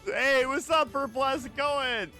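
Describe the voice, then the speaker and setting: A man streaming a game live with friends, animated and quick to laugh and swear. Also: very high voice. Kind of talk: live gaming stream chat. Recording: game music in the background.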